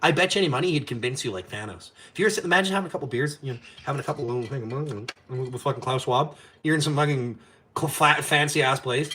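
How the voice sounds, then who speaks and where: A man's voice: medium pitch, fast talker, fairly bright tone, slight background noise. A man hosting a live stream, ranting in a heated, profane, rambling way while drinking. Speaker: host. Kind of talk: casual live-stream rant.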